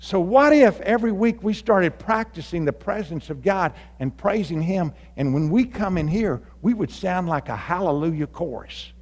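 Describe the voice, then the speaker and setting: A man preaching a lively sermon as pastor in church, animated and building to fired-up shouts. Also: sits high, moderate pace, few pauses. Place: church sanctuary. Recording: long reverb of a large hall.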